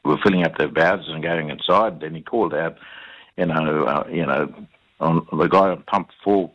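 Low husky Australian man, halting speech. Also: fairly bright tone, dull audio. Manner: halting, repeats words, many fillers. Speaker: interview guest. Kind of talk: conversational storytelling.

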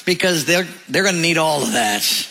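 A male pastor preaching a sermon, telling stories and dropping his voice low and soft at the ends of phrases. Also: animated, moderate pace, vocal fry.

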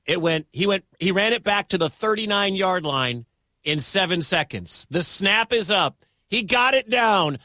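A man calls a football game live on radio, his high voice rising into shouts when the play gets big. The sound is dry and close, with no room around it. He rushes through the action with plain excitement. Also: no room sound. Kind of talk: live radio sports commentary.

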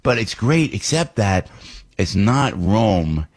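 Rambling, husky-voiced radio host man. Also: on the low side, slow. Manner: rambling, animated storytelling with restarts. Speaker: radio talk show host. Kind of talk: casual radio monologue.

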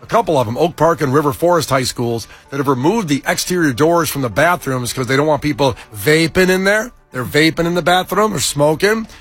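Husky-voiced male radio host. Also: on the high side, a little fast, hardly any pauses, fairly bright tone, soft background music. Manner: chatty, reads listener texts aloud. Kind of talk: morning radio banter. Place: radio studio.

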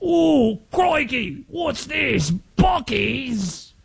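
A man voicing an excited British male soccer fan visiting America, in a bad put-on British accent with high, exaggerated exclamations. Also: drawn-out words, gravelly, slightly rough, shouting, full character voice.

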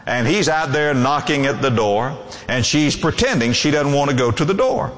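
Preaching man in an echoing hall. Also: moderate pace. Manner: expressive preaching with sweeping pitch, reading scripture aloud. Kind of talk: sermon. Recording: long hall reverb.

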